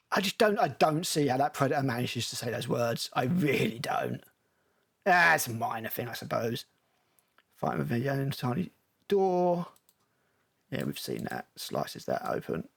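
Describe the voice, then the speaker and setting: A man's voice: medium pitch, very animated, measured pace, gravelly, long pauses, fairly bright tone, husky. A male film critic giving blunt, sarcastic, profane commentary while reacting to a movie trailer.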